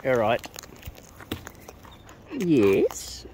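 A woman's voice: low voice, sing-song, slow pace, long pauses. A woman chatting playfully to wild birds as she feeds them outdoors, cooing and teasing them. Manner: coos and baby-talks to birds, playful. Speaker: vlogger feeding wild birds. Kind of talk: casual chat to birds. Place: outdoors at a bird feeding spot. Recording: noisy outdoor audio with bird sounds. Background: birds chattering and clicks.

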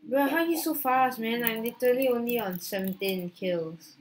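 A woman's voice: fairly high pitch, moderate pace, slight background noise. A woman gamer chatting casually during a match, frustrated, sighing and teasing her friend. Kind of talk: casual gaming chat.

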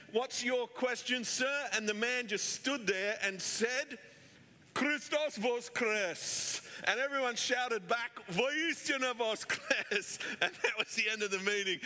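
This pastor, a middle-aged man, has a sharp, high-pitched voice as he tells anecdotes in a chatty sermon peppered with fillers. The echo of the church hall where he speaks is audible in the recording.

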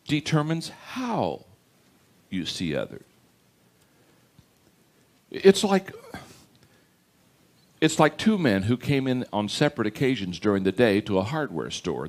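Low lively man telling a story. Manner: conversational, stammering restarts. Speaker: speaker. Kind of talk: storytelling sermon.

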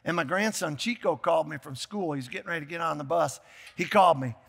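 An older man preaching a sermon as pastor, emphatic, repeating key phrases and breaking into shouts. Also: fairly high pitch, fast, creaky, slightly rough, in a large hall. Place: church sanctuary.

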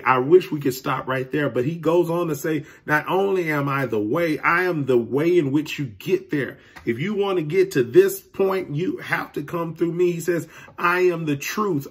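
A man's voice: a little high, lively intonation, normal speed, breathy edge. A man teaching a Sunday school lesson to young people, earnest and preacherly, speaking to them directly. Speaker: youth minister. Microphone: recorded alone beside a window.

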